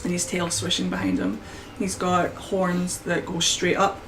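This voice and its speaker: Female game master, low voice, descriptive, unhurried, restarts. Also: very animated, background noise. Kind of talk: narrating a tabletop game.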